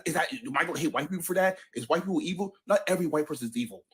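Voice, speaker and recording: A man's voice: fairly high pitch, rapid-fire, husky. A man in his thirties from the United States, talking casually in a group chat and telling stories with acted-out greetings. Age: 30s. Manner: animated storytelling with greetings acted out. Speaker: call-in guest.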